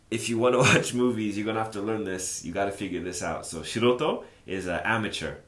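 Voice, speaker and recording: Deep-voiced man teaching casually, echoey room. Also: fairly quick, few pauses. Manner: relaxed, chatty, thinks aloud with many fillers. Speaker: language teacher. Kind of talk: casual explanatory lesson.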